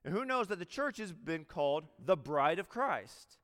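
A man's voice: a little high, sing-song, moderate pace, fairly bright tone. Conversational male chaplain preaching in a hall. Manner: conversational preaching with quoted dialogue and restarts. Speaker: military chaplain. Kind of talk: sermon.

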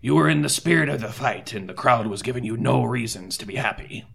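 A man playing an earnest cleric at a tabletop game, soft-spoken and measured, with pauses. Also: medium pitch, animated, creaky, crowd noise. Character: earnest male cleric recruiter. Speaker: player voicing a cleric. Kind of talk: tabletop role-play in character.

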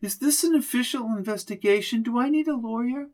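A man's voice: very high voice, darkish tone, voice pushed up. Man voicing a shaky, grieving society woman. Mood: anxious. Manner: shaky, halting delivery. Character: grieving older society woman, fretful and teary. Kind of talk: audiobook character voice.

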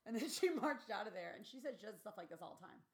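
This is a woman in her forties, co-hosting a podcast in casual chat. She tells stories with animated energy and laughs often, in a voice of middling pitch. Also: fast talker. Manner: giggly, animated storytelling. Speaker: podcast co-host.

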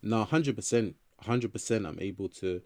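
A man's voice: on the low side, normal speed, a little mellow, no echo. A young adult man from England, a writer and actor talking casually in an interview, loose and rambling with many fillers and restarts.

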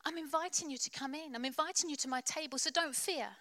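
A woman preacher voicing a kind, welcoming king in a retold story, speaking reassuringly and warmly inviting. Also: sits high, fast. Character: kind king David welcoming a guest to his table.

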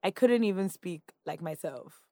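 A woman's voice: fairly low pitch, expressive, normal speed, warm tone, dry recording, studio quality. A young Nigerian woman in her twenties, a podcast guest chatting casually with many "like" fillers. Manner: chatty, lots of "like" fillers, laughs often. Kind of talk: casual interview chat.

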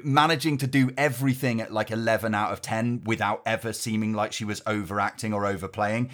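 A man's voice: fairly low pitch, fairly even intonation, a little fast, fairly bright tone. A man co-hosting a podcast, talking earnestly and passionately about films with plenty of casual fillers. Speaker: podcast co-host reviewing films. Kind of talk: casual conversational review. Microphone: headphones and podcast mic.

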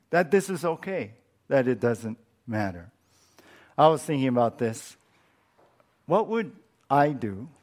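Male pastor, Bible teaching, lively and chatty, middle pitch. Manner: conversational, animated, many fillers and restarts. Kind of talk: expository Bible teaching sermon.

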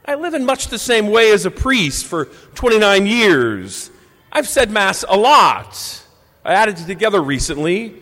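A Catholic priest in his fifties giving a measured, reflective Sunday homily in a church. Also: extremely high pitch, big pitch swings, fairly bright tone. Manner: measured, reflective preaching with deliberate pauses. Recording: long church reverb.

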